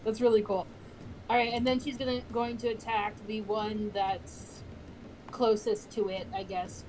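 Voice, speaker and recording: A woman's voice: a little high, level tone, measured pace, a little mellow, a little hiss or hum, poor audio. A woman playing a tabletop game, talking casually and searching for her words. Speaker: player.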